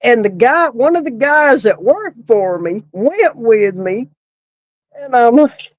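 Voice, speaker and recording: A woman's voice: a little high, expressive, a little slow, darkish tone, no room sound, highs cut off. Laughing woman telling a story. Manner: laughs often while telling a story, swears casually. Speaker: podcast co-host, former funeral director. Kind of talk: casual storytelling chat.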